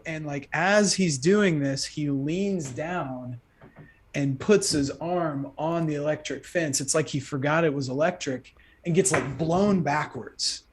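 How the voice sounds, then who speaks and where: A young man telling a story on a podcast in an animated way, filling his talk with "like.". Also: a little high, a little slow. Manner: animated, lots of "like". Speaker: podcast guest. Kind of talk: casual storytelling.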